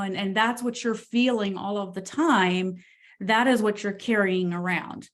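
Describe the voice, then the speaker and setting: A woman's voice: mid-range voice, fairly even intonation, normal speed. A woman coach on a group call who talks bluntly and with energy, laughing often. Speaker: real estate coach.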